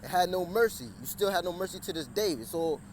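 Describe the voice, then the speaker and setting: A man's voice: high-pitched, lively intonation, a little fast. A man preaching and reading scripture outdoors by a street, often restarting his words and raising his voice over the traffic. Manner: repetitive, stumbling restarts, raises voice over traffic. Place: outdoors beside a busy street. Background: passing cars.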